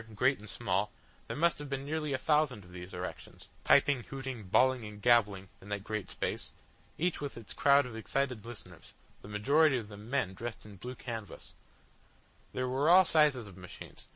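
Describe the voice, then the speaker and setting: A male audiobook narrator reading a classic novel in a steady, literary manner. His voice is bright and forceful, at an average pitch for a man. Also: rough recording. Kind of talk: scripted narration.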